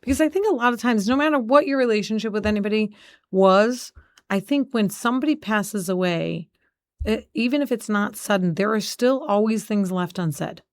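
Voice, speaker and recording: A woman's voice: medium pitch, brisk, no room sound. Chatty woman co-host, dry close sound. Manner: chatty, storytelling, many "like" fillers. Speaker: podcast co-host. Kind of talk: casual chat.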